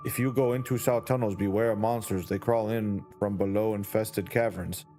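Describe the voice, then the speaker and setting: A man reading the lines of a blunt female bugbear guard from a game in his own flat voice. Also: fairly low pitch, moderate pace, lightly acted. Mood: matter-of-fact. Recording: faint background music.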